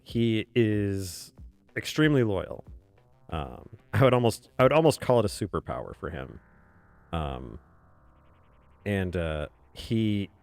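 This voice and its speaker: Brief: man, low voice, relaxed livestream chatter while drawing, soft music underneath. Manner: rambling, chuckling, muttering softly while working. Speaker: webcomic artist streaming. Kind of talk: casual chat while drawing on stream. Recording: faint music behind.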